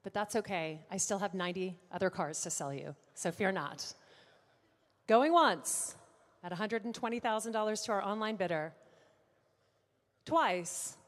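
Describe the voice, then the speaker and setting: A woman auctioneer calling bids at a live car auction, brisk and playful with the bidders. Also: mid-range voice. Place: large auction room. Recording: long hall reverb.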